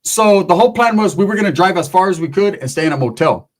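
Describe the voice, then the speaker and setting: A man's voice: high voice, animated, fast talker. A man telling a long, profane, rambling story in casual talk, acting out the other people in it.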